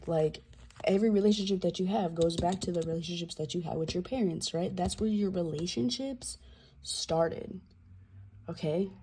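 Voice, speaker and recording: A woman's voice: on the low side, dark tone, a little hiss or hum. A woman giving a casual tarot reading, loose and profane, with slangy asides and the odd drop into a whisper. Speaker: tarot reader.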